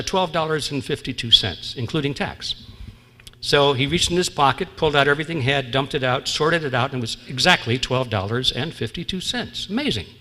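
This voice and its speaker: A man's voice: mid-range voice, bright, forceful tone. A man giving a humorous lecture, wry, chuckling at his own jokes and drawing out his punchlines. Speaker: conference speaker. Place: large historic theatre. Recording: long reverb in theatre hall.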